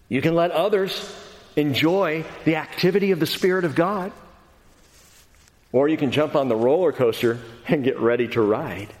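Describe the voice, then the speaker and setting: A man preaching a sermon as pastor, animated and acting out the voices in the passages he quotes. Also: in a large hall. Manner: animated, acts out quoted voices, wide swings in pitch.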